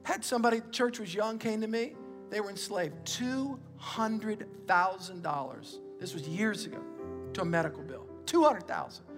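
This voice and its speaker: A middle-aged male pastor giving an energetic, emphatic sermon and calling on the congregation to repeat after him. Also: high voice, normal speed. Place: church auditorium. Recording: long reverb in a large hall, with music.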